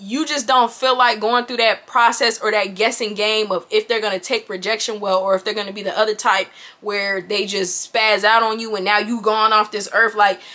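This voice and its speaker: A woman in her twenties telling a casual storytime to her viewers, animated and chatty, talking straight to the audience. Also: medium pitch, moderate pace, hardly any pauses. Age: 20s. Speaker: YouTuber.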